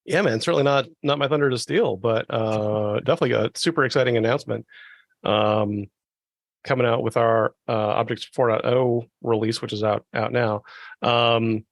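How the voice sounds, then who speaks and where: A man talking as a podcast guest, quick and enthusiastic, correcting himself as he explains. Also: medium pitch, steady tone, creaky, dry recording, studio quality. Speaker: guest, tech specialist. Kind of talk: casual podcast chat.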